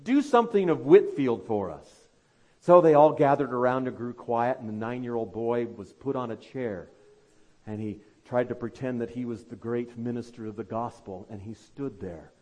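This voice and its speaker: A man preaching a sermon as pastor, fervently urging his listeners, then dropping to quiet, low asides. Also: normal speed.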